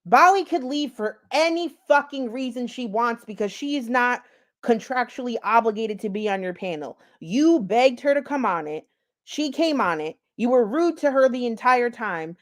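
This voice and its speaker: A woman's voice: a little high, animated, normal speed. A woman giving blunt, sarcastic reaction commentary on a clip, with frequent profanity. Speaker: commentary YouTuber.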